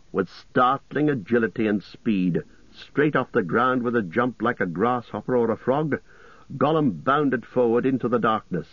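A man narrating a story aloud in a steady, measured reading voice. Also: lowish voice, no room sound. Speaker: audiobook narrator. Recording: muffled lo-fi audio, dry.

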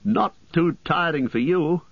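Man reading a teasing elf: light, quick, higher voice, dry slightly muffled take. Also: animated, gravelly, no room sound, exaggerated voice.

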